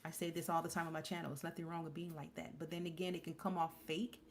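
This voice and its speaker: Woman, forties, live-stream host, lowish voice, rambling candid chat. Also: little pitch movement, fast, a little hiss or hum. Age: 40s. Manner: candid, rambling, many restarts and fillers. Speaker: livestream host.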